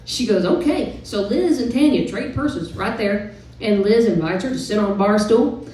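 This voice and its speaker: A woman on a live club stage, talking between songs in a loose, chatty storytelling way. Her voice is dark and mellow. She is picked up from a distance, in a very echoey room with faint music around her. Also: medium pitch, moderate pace. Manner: chatty, relaxed storytelling with fillers. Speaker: singer-songwriter performing live.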